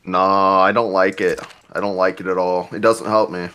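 A young man live streaming a game, joking around and bursting into hype shouts. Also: sits low, level tone, normal speed. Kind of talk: casual live gaming commentary. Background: game sounds and music.

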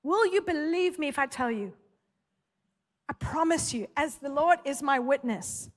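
A woman's voice: sits high, expressive, measured pace. Woman pastor, fervent emphatic preacher, long reverb of a big hall. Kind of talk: sermon.

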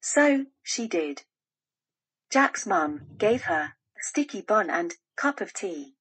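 Woman narrating a children's storybook, slow, careful, husky voice. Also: mid-range voice, sing-song, fairly bright tone. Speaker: audiobook narrator.

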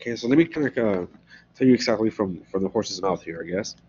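A fast-talking man with a low, darkish voice and lively intonation lectures on philosophy in a casual way, checking in with "right?" as he goes. The classroom recording is dull and lo-fi, with slight background noise.

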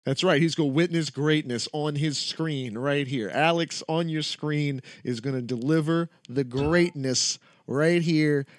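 A man's voice: a little high, measured pace, few pauses, no room sound, clean studio sound. A man streaming a shooter game live, chatting casually with loose, profane, joking trash talk. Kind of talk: casual live-stream chat while gaming.

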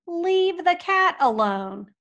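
A woman voicing a weary male rancher who scolds loudly and sounds exasperated. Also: high voice, very animated, a little slow, lo-fi sound, full character voice. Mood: firm.

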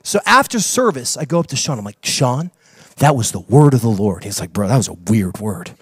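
A man preaching a sermon as a pastor, telling a story with acted-out dialogue and building to excited preaching. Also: mid-range voice, fairly quick, husky. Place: church.

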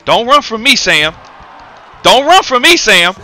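A man's voice: very high voice, very animated, unhurried, sharp tone, faint music behind, exaggerated voice. A man doing Apollo Creed, boastful trash-talking boxer. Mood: taunting. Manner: taunting, boastful, rhyming trash talk. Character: cocky trash-talking male heavyweight boxer. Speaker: gaming commentator. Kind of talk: in-character game commentary.

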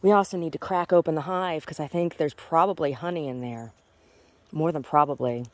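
A woman's voice: low-pitched, fairly quick, no room sound. Woman muttering to herself in the garden. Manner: chatty, muttering to herself, sing-song baby talk to animals. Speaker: vlogger. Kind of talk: casual garden vlog, talking to herself and her chickens. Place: outdoor backyard garden.

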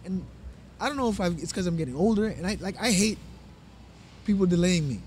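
A man's voice: high-pitched, lively intonation, a little fast, a little mellow, a little hiss or hum. A man, co-hosting a podcast and telling a long, profane story with many restarts. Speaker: podcast co-host. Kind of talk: casual storytelling chat.

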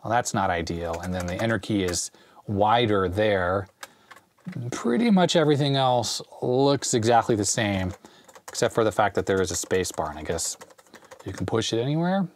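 A man hosting a retro computer repair video, thinking aloud in a relaxed way while he takes a machine apart. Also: on the low side, moderate pace, a little hiss or hum. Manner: thinks aloud while working, relaxed, with small fillers and laughs. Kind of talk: casual hands-on show-and-tell.

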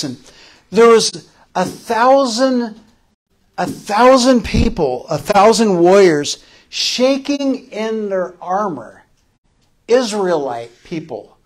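Preaching slowly with pauses between phrases, this pastor's voice sits slightly high for a man. He drives points home through repetition and moves between booming calls and gentle, tender lines.

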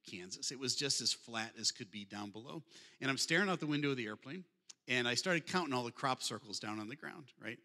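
Fast-talking, bright-voiced man storyteller. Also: mid-range voice. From Michigan, USA. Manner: humorous, conversational, addresses the audience directly. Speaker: guest speaker. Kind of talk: storytelling talk. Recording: long hall reverb.

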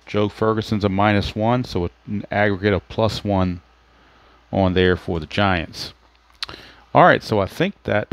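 A man's voice: fairly low pitch, no room sound. A man narrating play-by-play for a tabletop baseball replay, steadily explaining ratings and dice rolls as he goes. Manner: steady explanatory play-by-play, thinks aloud about rules. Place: home setup at a computer.

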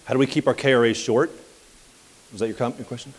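A man coaching at a live seminar, telling anecdotes in an energetic, conversational way. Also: mid-range voice, fast, slightly rough, in a large hall. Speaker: property management business coach. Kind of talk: live seminar talk with audience questions.

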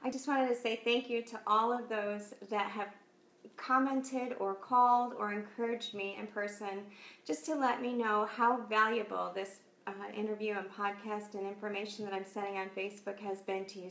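A woman hosts a devotional talk, speaking in an earnest, encouraging way as she tells a simple parable and prays. Her voice sits a little high and carries a gravelly fry. The recording is echoey, as if made in a bare room. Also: a bit bright. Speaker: host of faith talk show.

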